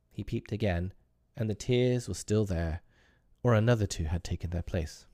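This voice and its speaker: A man narrating a storybook in an expressive, wry way. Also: fairly low pitch, normal speed, no room sound, clean studio sound.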